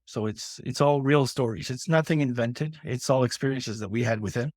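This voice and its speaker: A middle-aged man from Canada speaks earnestly as a guest in a casual interview. He restarts sentences often and fills pauses, at an ordinary male pitch. The recording is dry and close. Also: no echo. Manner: earnest, many restarts and fillers. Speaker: guest author.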